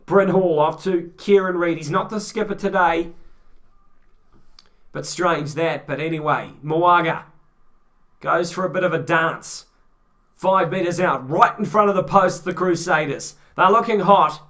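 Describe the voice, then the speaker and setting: Kiwi guy calling a rugby match for fun, high voice, excitable and jokey. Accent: New Zealand. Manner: excitable, quick, joking. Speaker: fan commentator. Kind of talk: amateur play-by-play rugby commentary.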